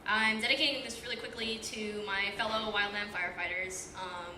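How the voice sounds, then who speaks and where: A woman's voice: medium pitch, fairly even intonation, moderate pace, pushed and bright. Rambling eighteen-year-old woman doing stand-up. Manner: rambling, self-deprecating, lots of filler "like". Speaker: stand-up comic at an open mic. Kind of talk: stand-up comedy storytelling. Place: small comedy club, live audience. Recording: distant, echoey club room with background noise.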